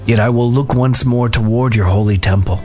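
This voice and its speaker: A man giving a devotional talk and reading scripture aloud in a measured, solemn way. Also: medium pitch, steady tone, dark tone, soft background music.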